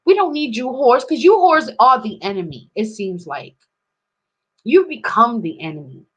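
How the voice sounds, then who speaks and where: A woman delivering an angry, profane monologue to camera, swinging between loud outbursts and low muttering. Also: very animated, normal speed, slightly rough. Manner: heated, profane ranting.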